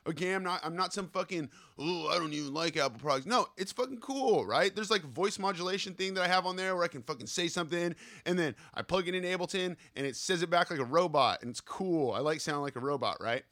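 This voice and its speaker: A man hosting a podcast, ranting in a loose, profane monologue. His voice sits a little high and sounds bright and forceful. He keeps checking in with his listeners as he talks. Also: fast, hardly any pauses. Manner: profane, animated, keeps asking "right?". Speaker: podcast host.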